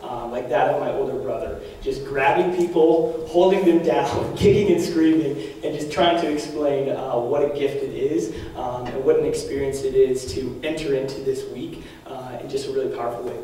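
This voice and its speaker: A young man giving a lively talk to a parish group, animated, laughing often and full of fillers, with a voice that is going hoarse. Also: medium pitch, moderate pace, hardly any pauses. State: losing his voice. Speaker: parish speaker. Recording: echoey hall from far off, faint noise.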